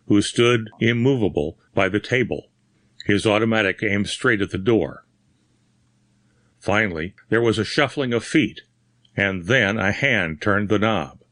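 A man's voice: on the low side, fairly bright tone, no room sound. A man steadily reading a pulp horror story aloud as narrator.

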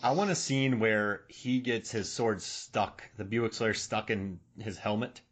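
Excitable man in laughing casual chat. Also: lowish voice, unhurried, slightly rough. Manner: excitable, laughs often, acts out sounds. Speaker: podcast co-host.

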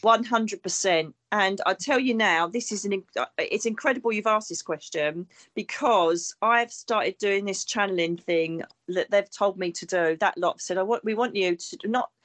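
Her medium-pitched, slightly bright voice moves at normal speed with hardly any pauses. The speaker, a psychic medium who was once a detective, is emphatic in an interview and acts out the voices of those she quotes.

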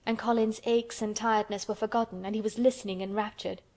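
A woman narrating a classic children's novel as an audiobook, in a gentle, even storytelling manner. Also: medium pitch, quick pace.

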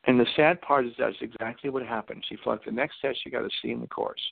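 A man's voice: mid-range voice, steady tone, fast, creaky, no echo. A man telling stories as a radio guest, acting out the people in them. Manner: anecdotal, acts out the people in his stories. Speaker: radio guest, seminar teacher. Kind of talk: storytelling on a radio call-in. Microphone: telephone. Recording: tinny phone line, dry.

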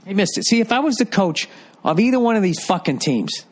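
A man's voice: sits high, big pitch swings, fairly quick. An older man ranting in a rambling, profane, exasperated way, like a commentator. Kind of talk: profane comedic rant.

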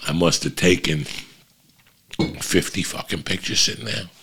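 A man's voice: deep voice, normal speed, vocal fry, bright, forceful tone, slightly rough. A middle-aged man hosting a podcast, telling a long, profane, rambling story in casual chat.

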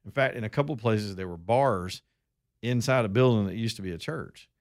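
Southern guy from alabama, middle-aged, kinda low voice, folksy rambling radio storytelling, lots of y'all. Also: fairly quick. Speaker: radio talk host. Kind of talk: storytelling talk radio monologue.

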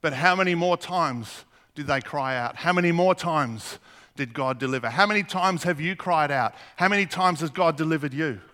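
A man's voice: a little high, normal speed, bright, forceful tone. A man preaching a sermon, earnest, asking the congregation questions as he reads scripture. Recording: long hall reverb.

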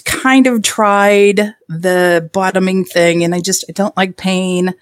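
A woman's voice: medium pitch, steady tone, slow pace, no echo, studio quality. A woman guest on a podcast, talking frankly and playfully and laughing often. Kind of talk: casual interview chat.

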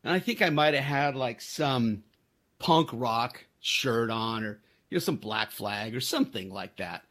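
Husky man in his sixties, rambling. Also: mid-range voice, expressive, fairly bright tone. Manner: rambling, halting with fillers and restarts; self-deprecating. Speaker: podcast host. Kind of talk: casual storytelling.

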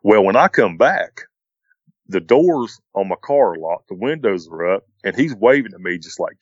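Very deep middle-aged man telling a rambling story, dull dry recording. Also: very animated, moderate pace, husky, no echo. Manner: rambling, repeats "he said" and "I said". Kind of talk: casual spoken retelling of a strange encounter.

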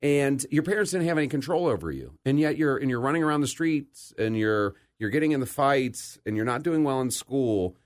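A man's voice: medium pitch, brisk, hardly any pauses. Man telling a story. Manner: storytelling, animated quoted voices. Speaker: podcast host. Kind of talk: casual interview chat.

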